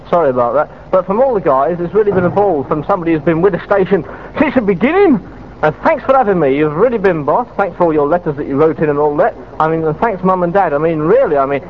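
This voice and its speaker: Dj guy, high voice, goofy and rambly, tinny old radio sound. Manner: goofy, rambling, self-mocking. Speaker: radio disc jockey. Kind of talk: jokey on-air farewell patter. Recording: tinny old radio broadcast recording with faint hiss.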